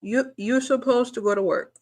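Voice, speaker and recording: A woman's voice: on the high side, moderate pace, a little mellow. A woman channel host giving reaction commentary, firing off incredulous rhetorical questions and repeating words as she gathers her point.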